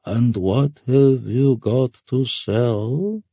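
A man voicing a gruff, callous masked ferryman who speaks with a slow, mocking drawl in an audiobook reading. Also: medium pitch, warm tone, dry recording, dull audio, voice pushed up, exaggerated voice.

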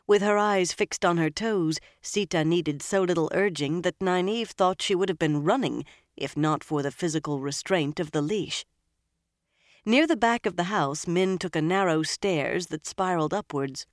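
An audiobook narrator reading a fantasy novel in a steady, measured way. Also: medium pitch, no echo, studio quality. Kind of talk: scripted narration.

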